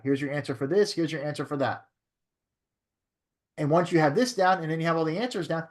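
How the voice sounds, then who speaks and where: A man who is a real estate broker teaching a training class in a coaching way, often checking in with "right?". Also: a little high.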